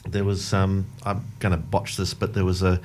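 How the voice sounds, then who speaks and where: Male radio host, very low voice, rambling casual studio chat. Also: flat delivery, moderate pace, a little hiss or hum. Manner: chatty, rambling, with many ums.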